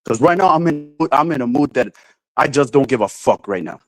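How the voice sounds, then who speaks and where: A man's voice: medium pitch, lively intonation, a little fast, no room sound, rough recording. A man hosting his livestream in casual chat, irritated, swearing constantly and ranting in restarts. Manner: swears constantly, rants and restarts, raises voice when angry. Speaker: livestream host.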